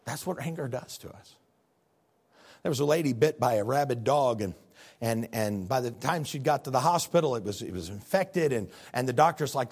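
A man preaching a sermon as pastor, telling stories with animated swings between loud bursts and quiet, low passages. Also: normal speed, breathy edge.

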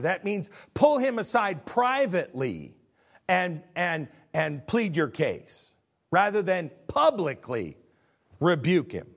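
A man preaching a sermon, earnest and animated, asking the congregation questions. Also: sits high, slow, husky.

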